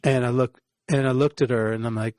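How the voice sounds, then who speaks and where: A man, a podcast guest, telling an animated story in casual conversation, laughing often. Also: mid-range voice, fairly quick, no echo. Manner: animated, laughs often, acts out quoted voices.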